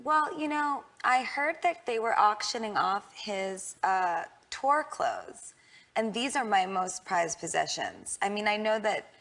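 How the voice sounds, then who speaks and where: A woman answers an interview question hesitantly and keeps restarting her sentences. Her voice is gravelly with vocal fry and sits at an ordinary pitch. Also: very animated, a little slow, fairly bright tone. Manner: hesitant, full of fillers and restarts. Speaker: interview guest.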